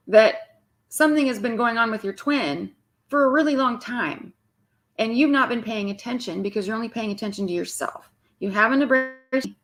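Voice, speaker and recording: A woman's voice: a little high, a bit bright. A woman twin flame coach speaking bluntly and with exasperation to her viewers, swearing freely and mimicking clients.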